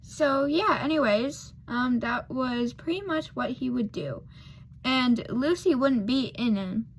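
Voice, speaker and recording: Slow-talking woman vlogger rambling through a story. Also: high voice, a little hiss or hum. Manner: rambling, loses her thread, many fillers. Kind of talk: casual storytime while doing makeup.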